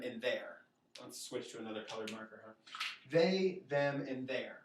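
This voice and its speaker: A man teaching a casual whiteboard lesson, talking informally with fillers and quick asides to his viewers. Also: mid-range voice. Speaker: Latin teacher. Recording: echoey room, far from the mic.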